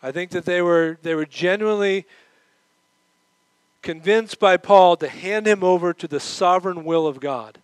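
Male pastor preaching, middle-aged, lively and animated, slightly high voice, dry close mic. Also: moderate pace, clear, resonant tone, dry recording, rough recording. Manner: animated, acts out quoted voices; moves around while preaching. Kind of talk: sermon.

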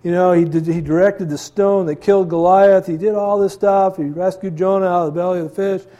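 A male pastor preaching an earnest, conversational sermon, often pausing with fillers. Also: high-pitched, steady tone, warm tone, muffled recording.

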